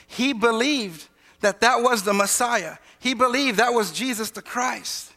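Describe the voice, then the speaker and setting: High, bright-voiced preacher in an echoing hall. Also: male voice, a little slow. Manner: emphatic preacher asking the congregation for responses. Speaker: pastor. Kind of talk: sermon.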